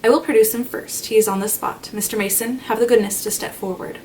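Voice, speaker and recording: A woman voicing a stern male solicitor, speaking each word distinctly, calmly and steadily. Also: on the high side, fast, natural voice. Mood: firm. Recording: slightly distant mic, faint noise.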